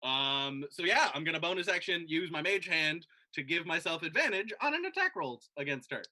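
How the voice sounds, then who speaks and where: A man playing a tabletop game, calling out his rolls in casual chat and getting loud when excited. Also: fairly high pitch, moderate pace. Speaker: player.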